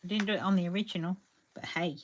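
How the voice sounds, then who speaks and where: A woman's voice: fairly low pitch, fairly even intonation, fast talker, a little hiss or hum. A woman hosting a live crafting tutorial, chatting along and greeting viewers by name as she paints. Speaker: crafting demonstrator.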